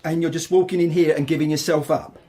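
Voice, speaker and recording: An actor playing an indignant young police constable who sounds exasperated and incredulous in a radio drama. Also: male voice, fairly high pitch, steady tone, fast talker, mellow, slightly rough.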